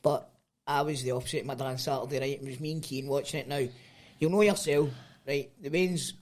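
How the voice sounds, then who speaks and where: A man with a Scottish accent, a podcast co-host telling animated stories in casual chat, swearing and then apologising for it. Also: mid-range voice, a little fast. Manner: swearing storyteller, apologetic about it. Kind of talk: casual pub-style chat.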